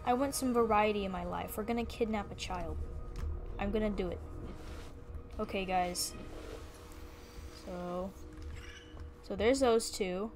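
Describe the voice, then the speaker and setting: A woman's voice: mid-range voice, slow, long pauses, soft background music. A young woman giving playful, chatty commentary while streaming a video game, often exclaiming and talking to the creatures on screen.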